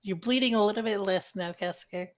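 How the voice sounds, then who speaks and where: A woman acting as game master, calmly narrating enemy moves in a live-streamed tabletop game. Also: medium pitch, quick pace. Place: home streaming setup.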